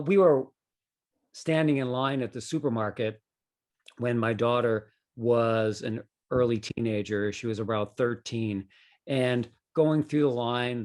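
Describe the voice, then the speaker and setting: A middle-aged man tells a personal story on a podcast, at a medium pitch. His voice moves up and down with the anecdote. He talks in a loose, conversational way with plenty of "you know" fillers. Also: a little mellow. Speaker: guest, author.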